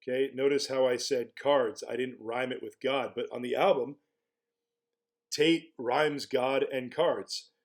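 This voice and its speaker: A man's voice: mid-range voice, fairly even intonation, a little slow. Musing man asking rhetorical questions. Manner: musing, asks rhetorical questions, frequent restarts. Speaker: blogger. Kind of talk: casual spoken commentary.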